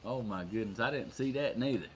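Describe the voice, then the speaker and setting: A man with a Southern US accent hosting a casual livestream, folksy and quick to laugh as he chats with viewers. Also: medium pitch, a little hiss or hum. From Georgia, USA. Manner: folksy, laughs often, reads out viewer comments. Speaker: livestream host. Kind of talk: casual live chat with viewers.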